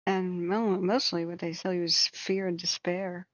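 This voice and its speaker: A woman's voice: on the low side, little pitch movement, unhurried, dry recording, lo-fi sound. A woman who hosts a wildfire tracking channel, giving a blunt, heated commentary rant with swearing.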